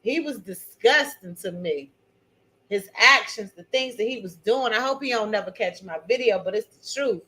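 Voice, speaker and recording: A woman's voice: mid-range voice, moderate pace, pushed and bright, low-quality recording. A woman in her fifties from Maryland, hosting her own channel and telling a personal story to viewers in a chatty, emphatic way, calling them y'all and honey. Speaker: channel host.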